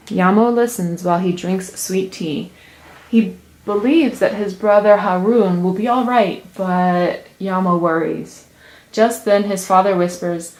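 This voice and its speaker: A woman narrating a children's picture book. She reads in a soft, slow, deliberate way, clearly setting out each scene. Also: mid-range voice, fairly even intonation. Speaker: storyteller. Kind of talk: picture-book read-aloud.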